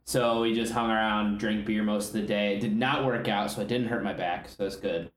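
A man's voice: lowish voice, steady tone, brisk, roomy sound, a crowd in the background. A man co-hosting a podcast, talking easily in casual chat. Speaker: podcast co-host.

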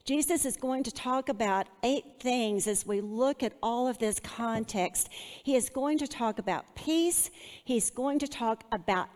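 Earnest woman Bible teacher, bright high voice, in a reverberant space. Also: unhurried. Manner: earnest, personal, with a shared testimony.

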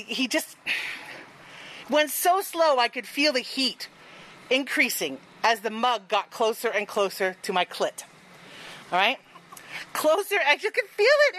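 A woman's voice: high voice, sharp tone, rough recording. A woman telling a frank, profane story on stage, laughing often, then hosting the next part of the show.

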